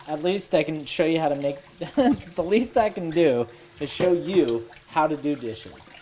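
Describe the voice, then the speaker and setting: A woman with a very deep voice rambles through her kitchen chores with wry, deadpan asides. Her talk is halting and a bit nervous, full of restarts. Faint sizzling and running water sit under her voice. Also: a little hiss or hum. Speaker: cooking show host. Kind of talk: rambling casual monologue while cooking. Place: home kitchen. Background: running water and sizzling pan.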